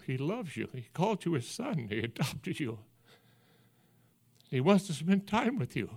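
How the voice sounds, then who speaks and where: An older man, a pastor, giving a sermon, telling stories in an earnest, folksy way that drops to hushed, quiet passages. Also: on the high side, creaky. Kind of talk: sermon storytelling.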